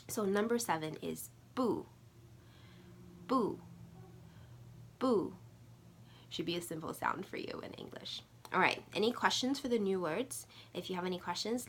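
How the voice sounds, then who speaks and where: Lower-pitched woman teaching a language lesson. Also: slight background noise. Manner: patient, explains step by step and repeats phrases slowly. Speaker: Mandarin teacher. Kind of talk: recorded online language lesson. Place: United States.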